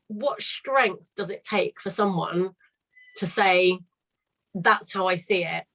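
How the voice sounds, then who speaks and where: A woman who runs a choir talks on a video call. Her voice sits at a middle pitch, and she speaks in a chatty, candid way, with the odd casual swear. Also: measured pace, fairly bright tone, rough recording. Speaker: choir leader. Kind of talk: casual storytelling on a live call.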